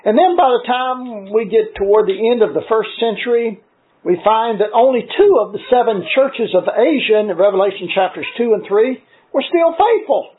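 High-voiced preacher on a tinny line. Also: male voice, lively intonation. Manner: measured, earnest teaching with frequent scripture citations. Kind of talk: sermon. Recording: tinny phone-like recording.

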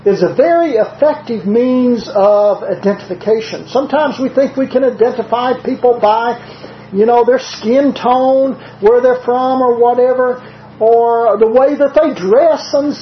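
Southern US accent, preacher, sermon, measured delivery, conversational asides, muffled lo-fi sound, faint background hiss. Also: medium pitch. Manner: measured, slows down to stress quoted scripture; conversational asides with frequent "uh" fillers. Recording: roomy, dull lo-fi recording.

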